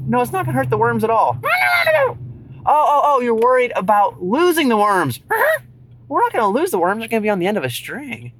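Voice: mid-range voice, a little fast, raised voice, low-quality recording. A person playfully talking one side of a conversation with an imagined companion, patient and teasing in manner. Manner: animated, patient and teasing, like coaxing a child. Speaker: storyteller in a one-sided skit. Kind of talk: playful one-sided dialogue with an unseen zombie friend.

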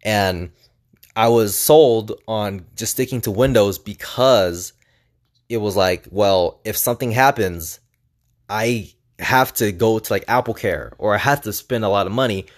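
A young man tells a personal story straight to camera in a casual, rambling way. His voice sits fairly low, and he leans on "like" and restarts as he goes. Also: measured pace. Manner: rambling, filler-heavy with frequent "like". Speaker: vlogger.

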